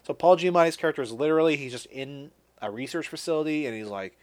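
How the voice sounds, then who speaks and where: A man's voice: a little high, quick pace. A man hosting a podcast, casually recapping a movie with lots of restarts and offhand swearing. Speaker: podcast host. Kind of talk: casual chat.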